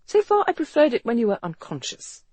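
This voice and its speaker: Narrator plays a sardonic young man, light teasing patter, lively pitch. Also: brisk, dry recording. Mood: dry. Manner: light aimless banter in mock cheer.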